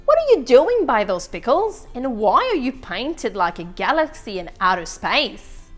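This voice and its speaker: A chatty, easily flustered little boy egg, put on by a woman in a storytime read-aloud. The voice sits high and swoops all over, unhurried, with faint music underneath. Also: very animated. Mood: searching. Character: chatty, anxious little male egg, loyal leader.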